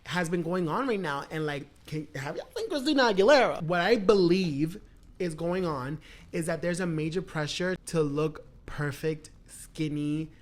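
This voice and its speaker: A woman's voice: deep voice, measured pace, a little hiss or hum. A woman co-hosting a podcast, chatting casually with lots of slang and frequent laughter. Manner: animated, slangy, laughs often. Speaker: podcast co-host. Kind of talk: casual chat.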